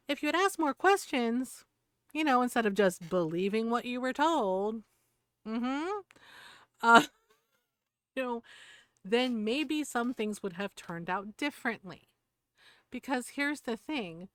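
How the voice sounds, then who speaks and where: A woman's voice: on the high side, expressive, takes it slowly, long pauses, fairly bright tone, no echo, clean studio sound. A woman streamer from the United States in a heated, profane rant, laughing between points. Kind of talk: casual ranting chat.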